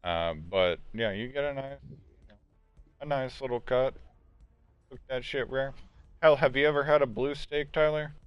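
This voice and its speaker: A man's voice: medium pitch, unhurried, long pauses, clear, resonant tone, no echo. A man hosting a casual podcast, answering viewer questions bluntly and swearing freely. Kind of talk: casual chat. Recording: dull, muffled recording.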